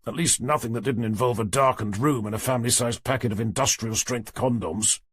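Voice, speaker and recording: A man performs an audiobook character: a weary, gruff, middle-aged detective inspector with a sardonic, dry, commanding air. Lightly acted, his voice is medium-pitched, husky, and brisk, with no room sound.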